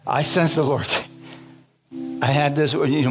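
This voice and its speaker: Older preacher calling for amens over music. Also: male voice, on the high side, fairly even intonation, unhurried. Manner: fervent, folksy, calls for amens. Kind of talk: sermon.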